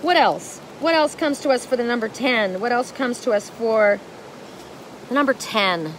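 A woman's voice: on the high side, animated, normal speed, a little hiss or hum. A woman giving a spiritual oracle card reading in a dramatic, emphatic way, with casual swearing.

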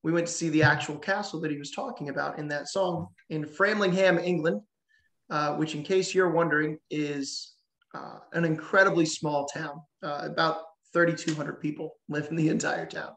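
A man on a webinar panel telling a casual story, halting with many fillers and a dry, sarcastic humor. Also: fairly high pitch, steady tone, vocal fry, a bit bright. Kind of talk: casual anecdote. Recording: roomy echoey room sound.

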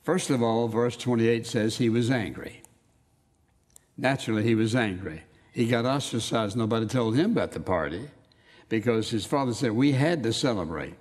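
A man preaching a sermon, emphatic, slowing down to read scripture quotes with weight. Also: medium pitch, a little mellow. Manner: emphatic, quotes scripture in slow dramatic readings.

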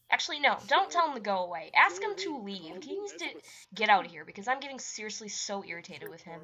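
A woman's voice: a little high, sing-song, moderate pace, sharp tone, muffled recording. A young woman narrating her life-sim game and scolding the characters in casual commentary, often exasperated. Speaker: gaming YouTuber. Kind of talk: let's play commentary.

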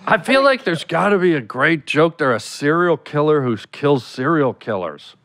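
A man's voice: on the high side, big pitch swings, moderate pace, fairly bright tone, dry recording. A male comedian guesting on a podcast, riffing playfully on absurd tangents. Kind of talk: casual podcast banter.

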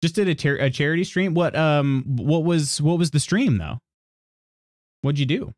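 Speaking expressively at a moderate pace, a streamer chats with viewers in a close, dry voice that rises and falls in pitch. He trails off mid-sentence, apologizes, laughs a lot and reads messages from chat aloud, all without echo.

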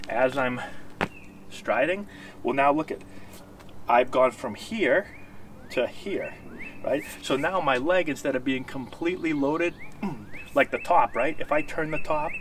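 A man's voice: medium pitch, a bit bright, a little hiss or hum. A man coaching baseball hitting, explaining and demonstrating moves while checking that viewers follow, a little out of breath. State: slightly out of breath. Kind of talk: instructional demonstration. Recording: distant outdoor camera audio, faint ambience.

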